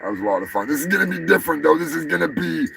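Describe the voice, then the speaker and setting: A man hosting a comedy news livestream, swearing and ranting with mock anger, swinging between shouts and mutters. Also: a little high, big pitch swings, racing, creaky, a loud crowd, rough recording. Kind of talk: crude ranting livestream banter.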